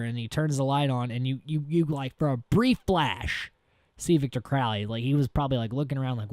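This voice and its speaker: A man's voice: mid-range voice, a little fast, a little mellow, no room sound. A man hosting a podcast, recapping a movie in a casual, rambling way, swearing freely and chuckling as he goes. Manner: rambling and profane, heavy use of "like"; chuckles through the retelling. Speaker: podcast host.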